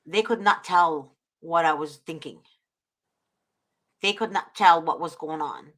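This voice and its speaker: A woman's voice: sits low, unhurried, a bit bright. Earnest woman host giving advice. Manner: earnest, preachy, often invoking God. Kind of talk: casual advice talk.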